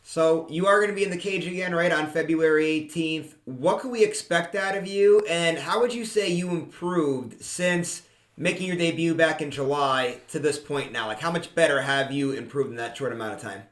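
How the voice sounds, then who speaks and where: Male interviewer, fairly high voice, echoey room, long winding questions. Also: moderate pace, a bit bright. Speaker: interview host.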